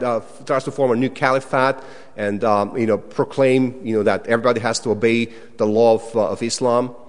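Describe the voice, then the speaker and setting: A man preaching a sermon, animated and dramatic, acting out quoted prayers in a raised voice. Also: medium pitch. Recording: long hall reverb.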